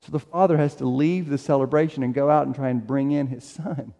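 A man's voice: mid-range voice, fairly even intonation, brisk, gravelly, dark tone. A middle-aged man preaching a sermon in a conversational way, acting out the quotes he tells. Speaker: pastor. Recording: long reverb of a large hall.

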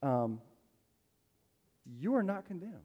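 A man's voice: sits high, big pitch swings, slow, dull audio. A man preaching a sermon as a pastor, telling stories in a loose, conversational way with plenty of fillers. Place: church sanctuary. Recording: long hall reverb.

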